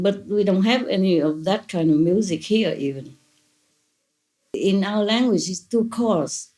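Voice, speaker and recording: A woman's voice: lowish voice, darkish tone. Woman, spiritual teacher; playful, gushing, laughs often; imperfect English. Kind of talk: answering questions at a gathering.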